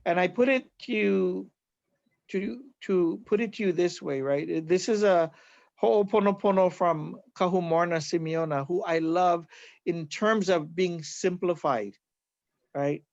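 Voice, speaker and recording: Earnest Hawaiian healer man, high voice. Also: a little slow, vocal fry, dry recording, muffled recording. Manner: earnest, repeats "right?" often. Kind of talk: conversational interview, teaching.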